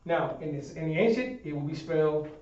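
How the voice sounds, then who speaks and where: A man's voice: on the high side, animated, fairly quick, darkish tone. A man teaching a Hebrew class at a board, explaining step by step and checking that students understand. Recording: echoey room, distant dull sound.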